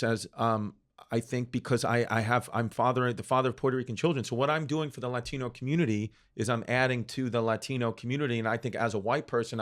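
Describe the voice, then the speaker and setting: New guy late 30s, comedian telling bits on a podcast, regular mid voice. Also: mid-range voice. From United States. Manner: joking, storytelling, deadpan provocations. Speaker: comedian guest. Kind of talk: casual podcast banter.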